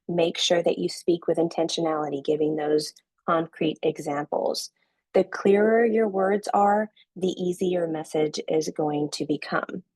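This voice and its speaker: A woman's voice: low-pitched, darkish tone, breathy edge, no room sound, rough recording. A woman giving an online class lecture on presenting, coaching her students and checking in with them often. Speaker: online instructor.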